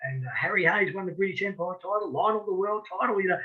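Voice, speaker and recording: A man's voice: high-pitched, quick pace, phone-quality sound. An Australian man, a boxing referee, chatting as a guest in a friendly, rambling way with many restarts and frequent "mate". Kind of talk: casual interview chat.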